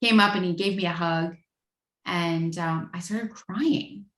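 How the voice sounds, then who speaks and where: A woman's voice: lowish voice, measured pace, fairly bright tone, roomy sound. A woman in her thirties sharing her story at a recovery meeting, candid and frank with a self-deprecating edge. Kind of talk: personal share at a twelve-step meeting.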